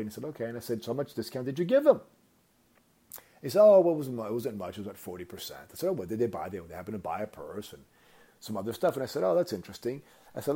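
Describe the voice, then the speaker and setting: Husky man telling a story. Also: on the low side. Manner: animated anecdote with acted-out quotes. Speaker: podcast host. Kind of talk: casual storytelling.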